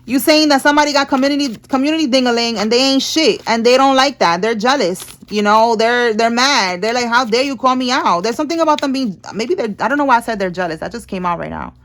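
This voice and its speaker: A woman's voice: a little high, animated, fast talker, hardly any pauses. Chatty woman giving a slangy tarot reading. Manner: chatty, laughs often, slangy and blunt. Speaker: tarot reader. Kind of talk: casual tarot reading to camera.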